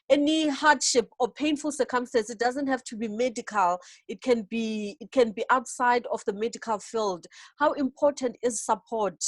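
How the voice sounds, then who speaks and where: A woman's voice: a little high, no room sound. A woman hosting a faith interview, asking long, winding questions and humming agreement. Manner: warm-voiced affirming with soft hums, long rambling questions. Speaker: host. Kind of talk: studio interview.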